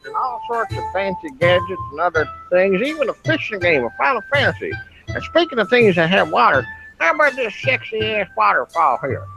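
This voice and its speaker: A rowdy, vulgar hillbilly rambles in a folksy drawl, as a man puts him on. His talk is crude and loose, with music clearly playing behind. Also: sits high, big pitch swings, a little fast, voice pushed up, heavily acted, low-quality recording. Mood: mocking.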